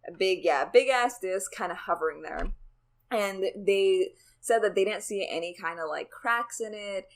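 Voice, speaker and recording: A woman's voice: mid-range voice, normal speed. A woman co-hosting a podcast, casually telling a story in a chatty, sweary way with lots of "like". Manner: chatty, sweary, says "like" a lot. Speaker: podcast co-host.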